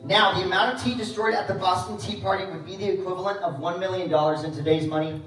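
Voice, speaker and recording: A man's voice: high-pitched, steady tone, fast. A man hosting a class history presentation, hyping students, calling out points and leading rounds of applause with laughs in his voice. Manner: enthusiastic, hypes students, laughs often. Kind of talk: energetic classroom emcee. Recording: echoey classroom from far off, loud chatter and noise.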